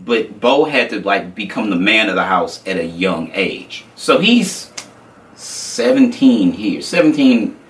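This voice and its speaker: A man's voice: deep voice, measured pace, hardly any pauses, recorded from a distance, rough recording. A man telling a story casually, swearing freely and acting out the other people in it. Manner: animated, profane, acts out quotes.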